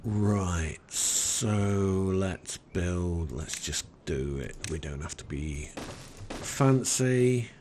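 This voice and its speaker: An Englishman with an English accent giving relaxed let's-play commentary in a soft, soothing, unhurried way. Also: sits low, slight background noise. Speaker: game commentator.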